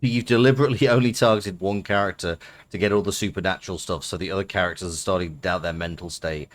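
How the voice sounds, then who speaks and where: A man's voice: low-pitched, steady tone, quick pace, no echo. A man streaming a video game, making wry, joking asides while he plays. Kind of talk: casual let's-play commentary.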